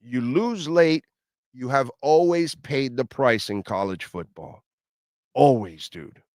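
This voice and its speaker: A man's voice: medium pitch, lively intonation, slow pace, a little mellow, no room sound, studio quality. A middle-aged man hosting a sports talk radio show, ranting bluntly and lecturing listeners.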